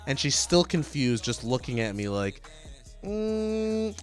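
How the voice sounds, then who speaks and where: A young man casually telling a profane personal story, growing loud and animated as he recounts the panic. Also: mid-range voice, moderate pace, faint music behind.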